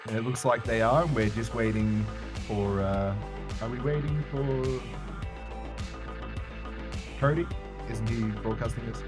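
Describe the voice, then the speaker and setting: Energetic male esports caster over music. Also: medium pitch, unhurried, pauses often. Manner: energetic, jokey, excitable. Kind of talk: play-by-play commentary. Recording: music playing behind.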